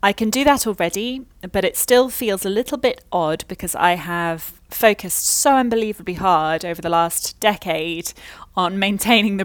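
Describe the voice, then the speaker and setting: A woman from Wales speaking in a modern British received pronunciation accent, a pronunciation teacher reflecting in a measured, thoughtful way with frequent pauses. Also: medium pitch, dry recording. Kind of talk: reflective monologue.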